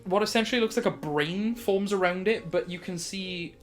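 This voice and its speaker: Guy game master rambling on about a scene, fairly high voice, faint music behind. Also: normal speed. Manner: rambling, filler-heavy descriptions. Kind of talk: narrating a tabletop game.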